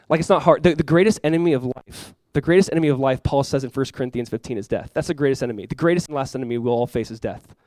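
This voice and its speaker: A young man preaching a sermon as a pastor, conversational and animated, acting out quotes and laughing often. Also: mid-range voice, quick pace, no echo.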